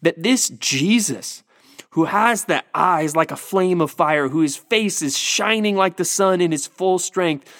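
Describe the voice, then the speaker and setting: Pastor, male, mid-high voice, earnest emphatic preaching, dry close recording. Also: dry recording. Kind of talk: sermon.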